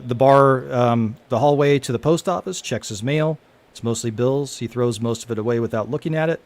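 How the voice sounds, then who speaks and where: A man casually reading his own screenplay aloud to friends, halting and laughing, with many fillers. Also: mid-range voice, dry recording.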